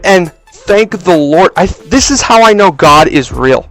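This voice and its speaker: A young man casually telling a story for a vlog, animated and swearing freely, on a cheap mic. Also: sits high, a little slow, soft background music. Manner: animated, profane, acts out voices. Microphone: cheap low-quality mic.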